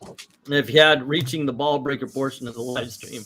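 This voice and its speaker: A middle-aged man hosts a casual comic book livestream, animated and performing quotes in little voices. He has a mid-range voice at a moderate pace, with background noise audible.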